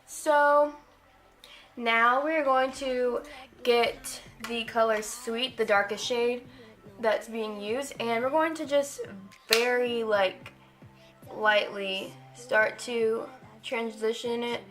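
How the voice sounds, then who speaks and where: A woman's voice: on the high side, slow pace, fairly bright tone, soft background music. An eighteen-year-old woman talking through a casual makeup tutorial, chatty and rambling with lots of "like" fillers. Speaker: makeup vlogger.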